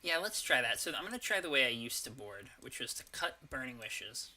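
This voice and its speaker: A man's voice: medium pitch, big pitch swings, a little fast, sharp tone. A man casually commenting on his card game as he plays, thinking aloud with hesitations and the odd curse. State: has the hiccups.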